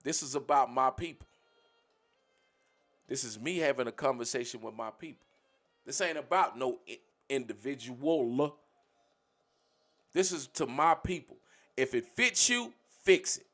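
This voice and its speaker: A man's voice: medium pitch, expressive, unhurried, pauses often, a bit bright, soft background music. A man on a livestream, speaking bluntly and profanely, lecturing his community in a preachy rant.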